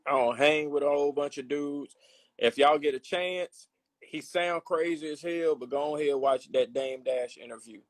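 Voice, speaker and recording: A man's voice: a little high, moderate pace. A man from Georgia co-hosting a casual live stream, speaking in a laid-back, slangy way with short replies. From Georgia, with time in Texas. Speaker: livestream co-host.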